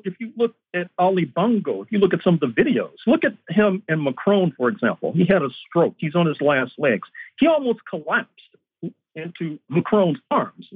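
A man lectures as a guest historian, his voice husky and a little higher than most men's. His pitch rises and falls in a lively way. The sound comes through a tinny phone line. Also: no room sound. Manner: lecturing, long flowing historical arguments. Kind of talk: political analysis interview.

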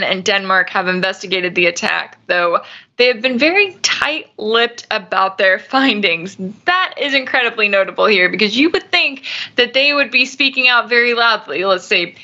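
A woman's voice: medium pitch, sharp tone, highs cut off. A woman hosting a news commentary show, arguing her points through hypotheticals and rhetorical questions. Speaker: radio news host.

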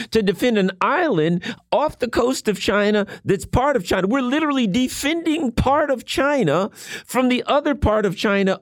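A man's voice: high voice, dry recording, studio quality. A man co-hosting a political talk radio show, speaking sarcastically with mocking asides.

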